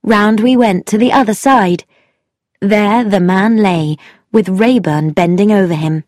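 A woman narrating a first-person story in a measured, deliberate reading voice. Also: medium pitch, a little mellow, dry recording, clean studio sound. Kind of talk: scripted narration.

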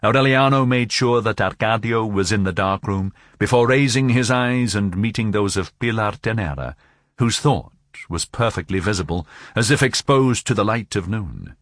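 A man narrating a novel as an audiobook, in a measured, expressive storytelling manner. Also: lowish voice, no echo, clean studio sound.

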